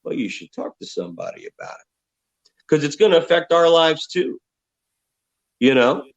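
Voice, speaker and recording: An American rock musician in his fifties tells candid, profane stories as an interview guest, an animated storyteller. His voice is fairly high at a normal speed, and the audio sounds dull.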